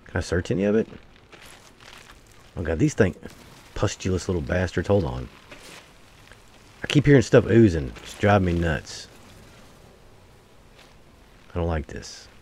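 Gravelly low-voiced man grumbling through a game. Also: very animated, a little slow, pauses often, a little mellow. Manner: swears freely, grumbles and talks to viewers as "people". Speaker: gameplay streamer. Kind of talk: casual gameplay commentary.

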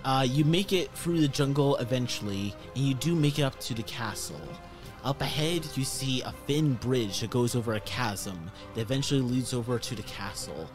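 A man's voice: mid-range voice, moderate pace, music in the background. A man narrating a tabletop game as game master in a loose, casual way.

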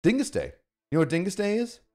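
A man hosting a casual stream, roasting his guest with loud mock-angry rants and heavy swearing. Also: sits high, huge pitch swings, fast talker, soft background music. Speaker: podcast host.

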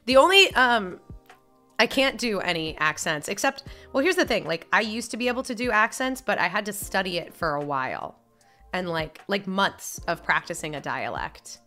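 Young female streamer: nasal, rambling chat, a lower pitch and a crisp bright edge, faint music behind. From upstate New York. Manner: chatty and rambling, with frequent filler words. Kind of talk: casual chat while gaming, reading chat aloud.

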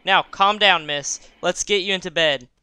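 Calm, firm hospital nurse from a game, read by a man, slightly raised pitch. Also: moderate pace, clean tone. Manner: firm and soothing. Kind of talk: reading game dialogue aloud.

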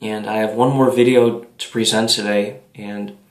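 A man's voice: fairly low pitch, fairly even intonation, normal speed, reverberant. A man casually introducing a comedy voice, hesitant with many ums. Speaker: comedy voice video maker. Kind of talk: casual presentation.

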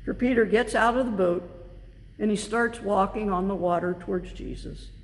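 A woman pastor preaching a sermon in a church, measured and deliberate, leaning on key words for emphasis. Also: mid-range voice. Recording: long reverb with faint background noise.

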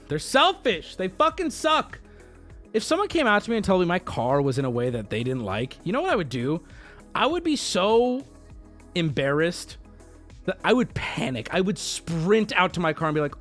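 Man, livestream host, heated profane rant, swooping animated delivery, faint background music. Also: fairly high pitch, normal speed. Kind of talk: casual ranting to chat.

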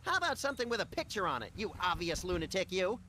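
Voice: mid-range voice, big pitch swings, fast talker, bright, forceful tone, a little hiss or hum. A woman voicing a hyperactive, gleefully violent rabbity creature in a cartoonish video game.

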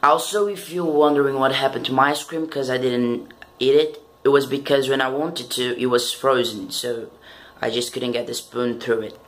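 A man's voice: mid-range voice, fairly even intonation, moderate pace, low-quality recording. A man reacting live to a TV episode, gushing and swearing constantly, with the show's music playing behind him. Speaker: TV reaction vlogger.

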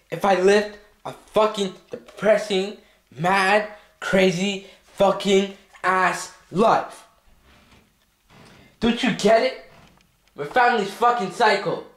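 A man's voice: high voice, a bit bright. A man playing a volatile, troubled young man who swears constantly and rants, repeating himself, in a comedy skit, recorded in an echoey room. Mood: ranting.

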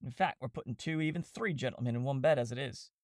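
A man's voice: mid-range voice, fast talker, no room sound, studio quality, lightly acted. A man voicing an apologetic, harried innkeeper who answers in polite, clipped regrets in a storybook reading. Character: apologetic harried male innkeeper, turning guests away.

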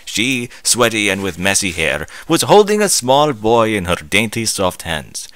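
A man reading a story aloud as narrator, with expressive rises and falls. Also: fairly low pitch, unhurried, no room sound. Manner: expressive storytelling, rising and falling.

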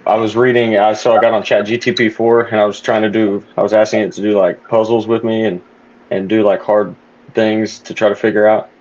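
A man hosting a casual podcast chat, laid-back and quick to laugh. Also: fairly low pitch, darkish tone, dull audio. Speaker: podcast host.

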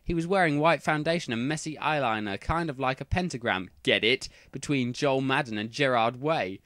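A man reading fan fiction aloud for comedy, dropping deadpan sarcastic asides. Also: medium pitch, moderate pace, no echo, clean studio sound.

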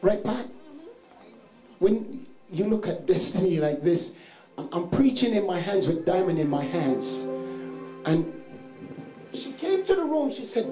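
A man preaching a sermon, his voice pitched high. He tells a family story to his church while an instrument plays along. The sound is echoey, as in a large sanctuary. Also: very animated, normal speed, music in the background. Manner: shouting exhortations, then telling a family story. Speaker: pastor.

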